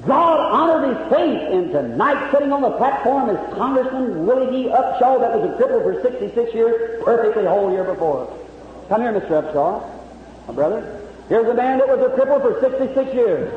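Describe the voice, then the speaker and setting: A man with a very high voice delivers a revival sermon as fervent storytelling in plain rural speech. The old recording sounds thin and narrow, like a phone line. His voice rings through a huge echoing hall with a long reverb tail. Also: sing-song, normal speed, a little hiss or hum. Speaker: evangelist preacher. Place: large meeting hall with audience.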